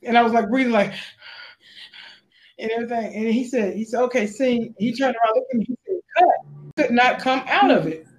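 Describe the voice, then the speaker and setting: Woman actress telling stories animatedly. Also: a little fast. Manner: acts out quotes with big pitch jumps. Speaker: actress guest. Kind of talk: animated storytelling.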